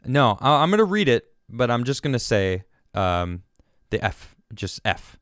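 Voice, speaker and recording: A man hosting his own political podcast, ranting in an exasperated, animated way and often restarting his sentences. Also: mid-range voice, unhurried, no room sound, studio quality. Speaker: podcast host.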